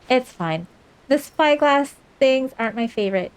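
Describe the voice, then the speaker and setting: A woman's voice: sits high, lively intonation, moderate pace. A young woman streaming a game live, chatting casually, sarcastic and swearing freely.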